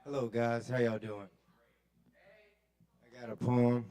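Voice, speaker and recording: A man's voice: medium pitch, takes it slowly. Easygoing man chatting to an open mic crowd. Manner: relaxed, storytelling with acted quotes. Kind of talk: casual chat to an audience. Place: live open mic at a kava bar.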